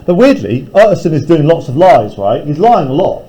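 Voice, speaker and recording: Male teacher, lively and animated, reading to a class and explaining as he goes. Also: on the high side, fairly quick, slightly rough, poor audio. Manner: reads aloud, then paraphrases casually.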